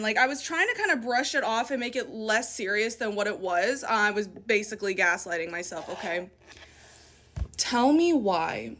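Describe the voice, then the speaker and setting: A young woman telling a personal story in a casual, animated way, swearing often and sounding indignant. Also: a little high, moderate pace.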